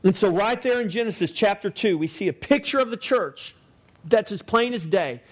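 A man's voice: high-pitched, animated, normal speed. A man preaching a sermon to a congregation, using an emphatic, repetitive cadence. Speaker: pastor.

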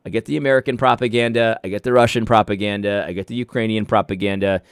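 A man's voice: lowish voice, fairly even intonation, fast talker, smooth, dry recording. Man talking in a dry, close sound. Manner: frequent restarts and stuttered repeats. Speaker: commentator. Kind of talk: casual opinion monologue.

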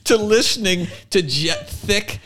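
A man co-hosting a chat show, dropping quick dry remarks and finishing his co-host's sentences, then signing off the show. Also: high voice, a bit bright. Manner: dry quick interjections, chimes in to finish her lines. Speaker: podcast host. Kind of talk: casual chat, show sign-off.

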